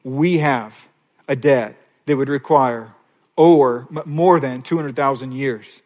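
A pastor preaching an earnest sermon, rising to loud, high passages and dropping to a soft near-whisper on key lines. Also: male voice, takes it slowly. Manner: earnest preaching with dramatic swings in pitch and volume.

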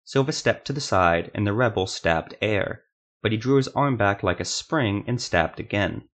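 A man reading fantasy audiobook narration in a measured, dramatic way. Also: fairly low pitch, animated, fairly bright tone.

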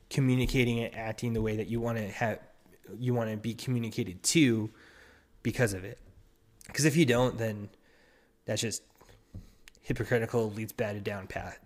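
Man, solo podcast host, casual rambling delivery, mid pitch. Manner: rambling, restarts often, acts out quoted partners.

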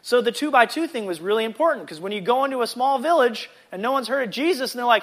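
A man teaching a casual Bible lesson in a chatty, animated way, with jokey asides. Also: very high voice, quick pace, hardly any pauses.

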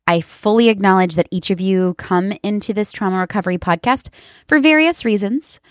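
A woman's voice: mid-range voice, dry recording, studio quality. A woman therapist hosting an educational podcast, explaining earnestly and speaking straight to her listeners.

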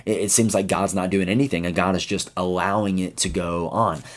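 Deep-voiced youth pastor, casual and earnest. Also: male voice, steady tone, brisk. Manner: casual, earnest, rhetorical questions. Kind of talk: daily devotional Bible teaching.

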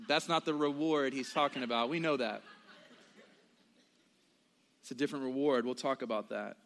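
A man in his early thirties preaching a sermon in a conversational way, with quick asides and acted-out quotes. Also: mid-range voice, fairly bright tone. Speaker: pastor.

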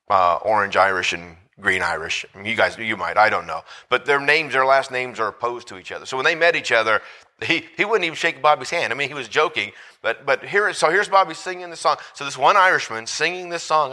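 A man preaching a sermon, telling a story in a conversational way with many restarts and quiet asides. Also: mid-range voice.

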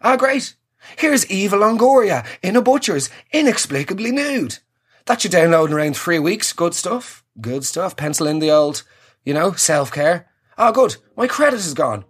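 Rambling, profane young Irish comedian. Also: male voice, sits high, sing-song, normal speed, breathy edge. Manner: rambling, profane, exaggerated, self-mocking. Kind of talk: comic monologue.

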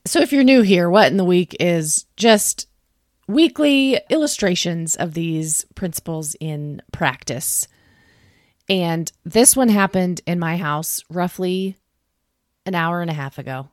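A young adult woman co-hosting a podcast, telling a family story in an animated, chatty way full of "like.". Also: fairly low pitch, measured pace, dry recording, studio quality. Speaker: podcast co-host. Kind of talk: casual storytelling chat.

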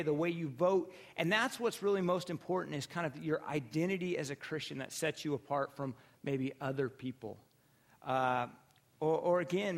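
A man preaching a sermon as pastor, telling stories casually with restarts and animated asides. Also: on the high side. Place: church sanctuary.

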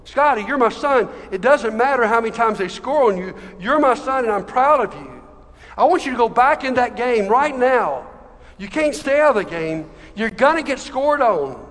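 A man's voice: very high-pitched, lively intonation, measured pace, fairly bright tone, pitched above the performer's own voice, exaggerated voice. A man voicing a loving father who comforts his young son, speaking with emotion. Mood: tender. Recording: long hall reverb.

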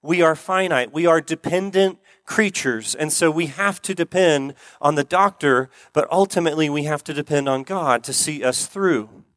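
A man preaching a sermon as pastor, earnest, repeating key phrases and slowing down for emphasis. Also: on the high side, a bit bright, no room sound.

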